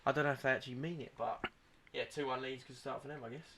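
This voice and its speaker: A man's voice: medium pitch, fairly even intonation, quick pace, crowd noise. A young man co-hosting a casual football podcast, chatty and rambling, with frequent restarts. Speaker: podcast co-host.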